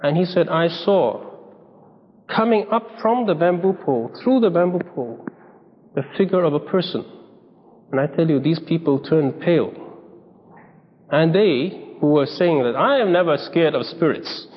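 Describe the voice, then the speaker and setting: A preacher with a slightly high voice delivers his sermon at a moderate pace, leaving long pauses. He tells stories with emphasis, performing the voices of those he quotes, and the lo-fi sound is dull and reverberant, as in a large hall.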